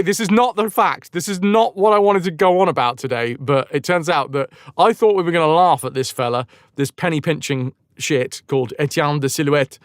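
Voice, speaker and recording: Rambling streamer with a lively voice. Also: male voice, fairly high pitch, no room sound, clean studio sound. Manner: digressive, self-interrupting, wry, swearing. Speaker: livestream host. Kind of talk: casual rambling chat.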